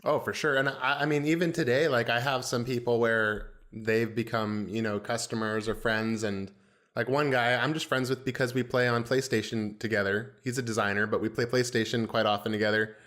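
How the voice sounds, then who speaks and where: A man's voice: mid-range voice, fairly even intonation, brisk, a bit bright. A man co-hosting a design podcast, chatting casually with a curious, filler-heavy way of talking. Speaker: podcast co-host.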